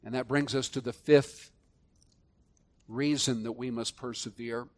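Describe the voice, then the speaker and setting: Preaching man, quiet to emphatic. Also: fairly even intonation, a little slow. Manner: swings from quiet, low reflection to loud emphatic preaching. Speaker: pastor. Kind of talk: sermon.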